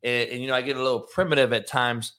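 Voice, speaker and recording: A man's voice: mid-range voice, steady tone, quick pace, bright, forceful tone. A man hosting a solo sports talk show, ranting in a brash, profane, combative way and talking to his live chat viewers. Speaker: show host.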